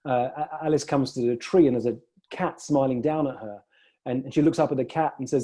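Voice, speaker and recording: A man's voice: mid-range voice, a little fast, mellow. A man coaching a client one-on-one, reflecting her words back and telling stories to make a point.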